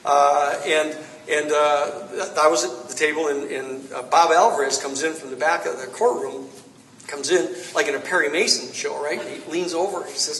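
A man giving an author talk, telling lively anecdotes to a live audience and acting out quoted lines. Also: a little high, moderate pace, a little hiss or hum. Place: bookstore event space. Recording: roomy echo from far off.

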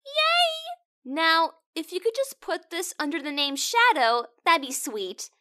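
Bright, high-pitched bubbly woman. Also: very animated, slow pace. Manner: bubbly, then huffy and indignant. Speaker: prank caller. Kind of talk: voiced comedy prank-call skit.

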